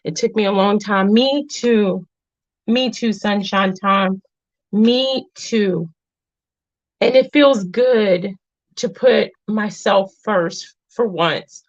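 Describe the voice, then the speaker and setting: A woman's voice: mid-range voice, slow, dry recording. A woman in her thirties hosting a heartfelt live chat with viewers. She talks earnestly, drifts off topic and back, and comes close to tears. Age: 30s. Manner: emotional, warm, close to tears. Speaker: live-stream host. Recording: dull, dry, lo-fi sound.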